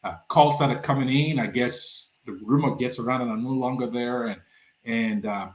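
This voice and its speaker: A man from Nigeria, a nonprofit founder, telling his story as a podcast guest and acting out the dialogue with big swings in pitch. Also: fairly even intonation, moderate pace, echoey room. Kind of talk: animated storytelling in a podcast interview.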